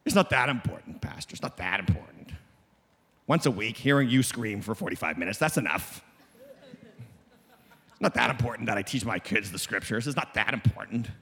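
A man voicing a dismissive churchgoer who waves off the importance of scripture, in a low, offhand mutter. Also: lively intonation, fairly quick, pauses often, fairly bright tone, slightly rough, long reverb tail, full character voice.

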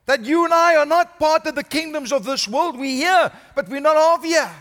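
Male senior pastor, high bright voice, sermon delivery, reverberant church room. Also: normal speed. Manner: preaching with rising emphasis, calls of "Amen?".

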